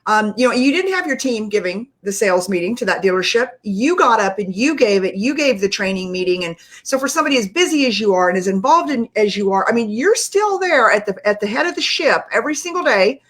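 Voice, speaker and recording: A woman's voice: medium pitch, expressive, brisk, hardly any pauses, a bit bright. Enthusiastic woman interview host. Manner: enthusiastic, long winding questions with fillers. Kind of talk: casual interview.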